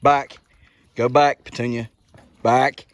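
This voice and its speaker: A man's voice: medium pitch, flat delivery, slow pace. A man who keeps pigs on a homestead, chatting in a playful, teasing way to his animals outdoors. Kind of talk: casual vlog chat. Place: outdoor pig pen on a farm.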